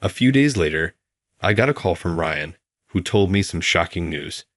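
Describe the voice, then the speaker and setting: A man narrating a first-person story in a calm, even, scripted storytelling manner. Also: low-pitched, moderate pace, no room sound, clean studio sound.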